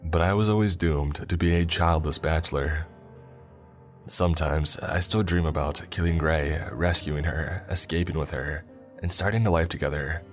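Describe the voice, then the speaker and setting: A man giving a somber, measured scripted horror narration. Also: rumbling low, steady tone, faint music behind.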